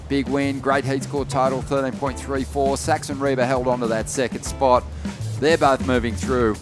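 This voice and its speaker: A man calling a surf contest live, relaxed, rising in energy on big turns. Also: medium pitch, moderate pace, over music. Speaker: surf commentator. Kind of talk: live sports commentary.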